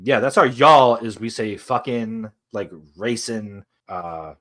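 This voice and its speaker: With a fairly low, slightly bright voice and a slow delivery, a young man co-hosts a podcast full of casual, joking, profane banter. He has a New York-area accent and comes from New Jersey or New York.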